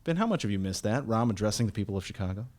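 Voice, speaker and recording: A man's voice: fairly low pitch, expressive, very fast, noisy background. A man co-hosting a political podcast, reading news quotes aloud with a wry, dry manner. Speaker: podcast co-host.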